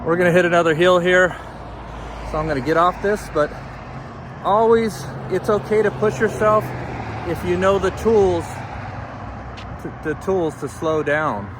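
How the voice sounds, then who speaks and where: A man's voice: high voice, a little slow, long pauses. Upbeat man vlogging on a walk. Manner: upbeat, motivational, talks while walking and jogging. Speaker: fitness and mindset vlogger. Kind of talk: motivational walking vlog. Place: outdoor trail beside a busy road. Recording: clear traffic noise outdoors. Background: traffic noise.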